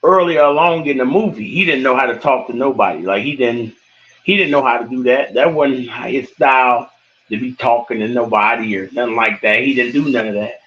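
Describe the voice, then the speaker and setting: Man, wheezy, out of breath, animated storyteller, mid-pitched voice, dull lo-fi audio. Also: brisk, slightly rough. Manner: animated storyteller, acts out quotes in a high excited voice. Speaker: online show host. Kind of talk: casual retelling of a movie. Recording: dull lo-fi sound.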